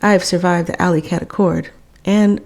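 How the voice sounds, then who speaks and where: A woman's voice: on the low side, fairly even intonation, normal speed, vocal fry, darkish tone. A woman doing a plucky scrappy mutt. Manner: earnest, plucky. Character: scrappy earnest young male mutt.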